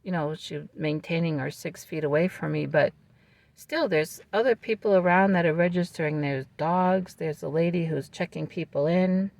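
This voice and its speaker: Calm vlogger with a creaky voice. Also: mid-range voice, no room sound. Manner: calm, measured retelling with fillers and restarts. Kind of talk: casual storytelling to camera.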